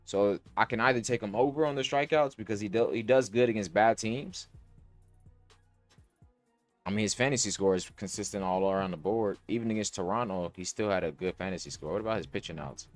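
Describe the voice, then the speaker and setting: With a lowish voice and a brisk pace, a young man casually talks sports betting on his podcast, thinking aloud in slang and curses. It's a dry, echo-free close-mic recording with faint music in the background.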